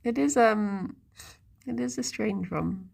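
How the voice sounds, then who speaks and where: A woman's voice: medium pitch, slow pace, gravelly, darkish tone, slightly rough. A woman streamer in casual live-stream chat, musing aloud and talking to her viewers and pets. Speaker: livestreamer.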